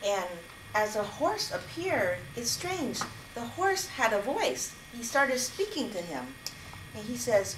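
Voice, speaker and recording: A woman's voice: a little high, big pitch swings, unhurried. Woman telling a tale in an echoey room. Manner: gentle, with fillers and restarts. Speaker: club member telling an improvised story. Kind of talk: improvised storytelling. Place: meeting room. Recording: echoey room, distant mic, noise.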